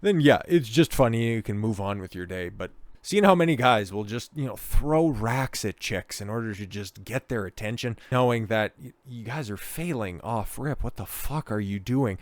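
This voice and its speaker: A man's voice: fairly low pitch, lively intonation, normal speed, no echo. A man doing reaction commentary, blunt and incredulous, with frequent swearing. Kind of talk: reaction commentary reading out messages.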